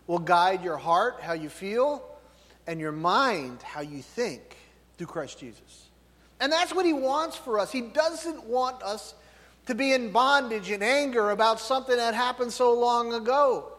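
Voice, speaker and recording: Guy preaching loud and emphatic, high voice, big echoey hall. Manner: loud, emphatic, tag questions. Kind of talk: sermon. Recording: long hall reverb.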